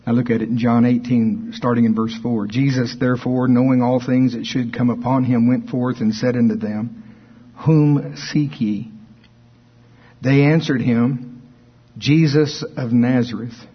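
A man's voice: mid-range voice, fairly even intonation, normal speed, slightly rough. A man teaching from the Bible in a sermon, explaining verses conversationally with asides. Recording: dull lo-fi recording.

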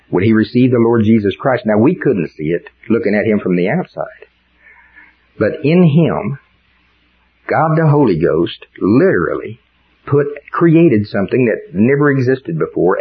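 A man's voice: lowish voice, breathy edge. Older man preaching, fervent folksy sermon. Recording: dull lo-fi sound.

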